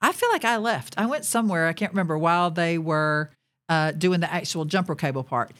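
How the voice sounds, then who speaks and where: A woman's voice: fairly low pitch, moderate pace, fairly bright tone. A woman hosting her own podcast, telling a personal story in a chatty way with fillers and little laughs, recorded in a studio. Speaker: podcast host. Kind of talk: casual storytelling.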